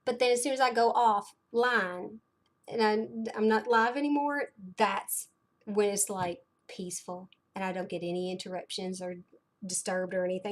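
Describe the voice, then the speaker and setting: A woman's voice: mid-range voice, normal speed. A woman, hosting a casual livestream chat in a rambling, chatty way full of fillers and dramatic asides. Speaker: host of a blind community livestream.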